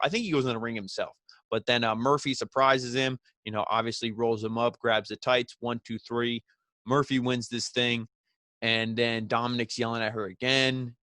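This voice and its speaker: A man's voice: medium pitch, fairly bright tone, no echo, studio quality. A man casually recapping a wrestling show, chatty and full of fillers, with sarcastic asides.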